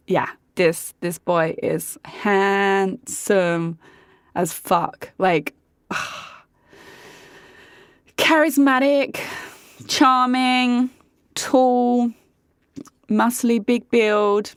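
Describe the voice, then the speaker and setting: A woman's voice: medium pitch, very slow, long pauses, clean tone, no room sound. Young woman spilling the tea, chatty and candid, says like a lot, dry close sound. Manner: candid and chatty, with frequent "like" and swearing. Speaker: vlogger. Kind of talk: casual storytelling to camera.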